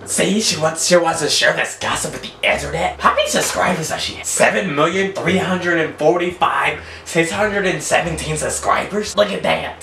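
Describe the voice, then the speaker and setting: A man's voice: a little high, moderate pace, gravelly, hardly any pauses, a crowd in the background. A teenage boy hosting a reaction video, mocking and talking back at the clip in a blunt, casual way. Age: teens. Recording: echoey room, faint background hiss.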